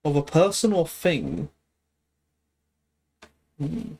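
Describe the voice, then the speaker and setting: Speaking in a slightly high, darkish voice with lively intonation and drawn-out words, a streamer studying Greek works through a language exercise live. He thinks aloud at a relaxed pace, hesitant and checking himself as he proceeds.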